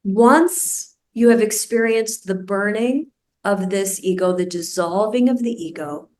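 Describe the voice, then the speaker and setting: A woman meditation teacher talks slowly and soothingly as she leads a breathing exercise. Her voice sits at a middling pitch. It sounds roomy and a little far from the mic, as on a video call. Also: a little mellow. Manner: slow, deliberate, soothing instruction. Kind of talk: guided meditation instruction.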